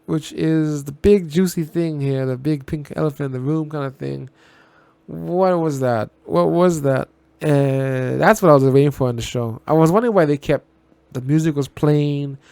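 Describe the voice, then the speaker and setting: A man rambles through his thoughts on a TV episode in a casual, offhand way, often restarting and repeating himself and swearing bluntly. His voice is gravelly, and it sits dry and close to the mic. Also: fairly high pitch, a little mellow, no echo. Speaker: reaction video host. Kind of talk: casual spoken TV reaction.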